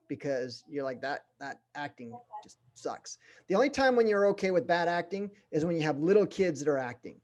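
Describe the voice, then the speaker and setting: A middle-aged man leading a sales training session, talking in an animated way, speeding up, slowing down and pausing for emphasis. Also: a little high.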